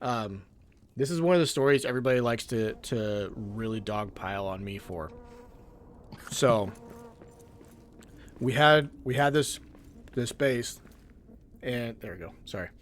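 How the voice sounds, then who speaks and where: A man co-hosting a casual gaming podcast, telling stories in an animated way with frequent restarts. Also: mid-range voice, unhurried, long pauses. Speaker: co-host.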